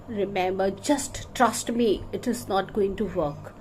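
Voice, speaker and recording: A woman's voice: medium pitch, measured pace, hardly any pauses, a little hiss or hum, low-quality recording. A woman from India with an Indian English accent, giving a spoken English lesson straight to the viewer in an earnest, coaxing way. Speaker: English teacher.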